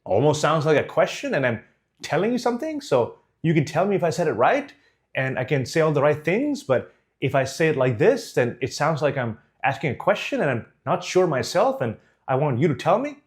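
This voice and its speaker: Male speaking coach, young adult, expressive and animated delivery. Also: on the high side, fairly quick. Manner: animated, demonstrates tones and faces. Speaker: communication coach. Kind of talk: direct-to-camera speaking lesson.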